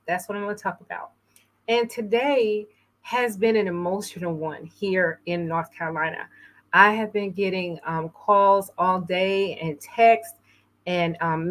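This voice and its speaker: A woman from New York hosting an inspirational talk show, speaking earnestly and a little emotionally, with frequent pauses. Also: medium pitch. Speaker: host.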